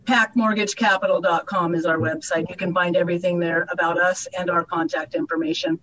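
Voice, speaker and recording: A woman's voice: fairly low pitch, fairly even intonation, brisk, a bit bright. Woman lender guest, upbeat, slightly dull radio sound. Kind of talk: radio interview.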